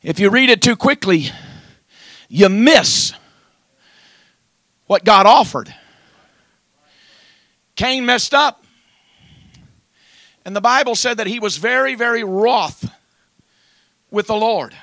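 A man's voice: high-pitched, lively intonation, slow, long pauses, sharp tone, no room sound. A man preaching a sermon in an emphatic, rhythmic delivery that builds into a chanted cadence.

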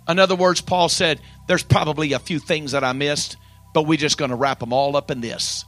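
A man preaching a fiery sermon, climbing to loud high-pitched shouts and sinking to hushed, quiet passages. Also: steady tone, a little fast, faint music behind. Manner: rises to loud high-pitched shouting on scripture, drops to quiet near-whispers.

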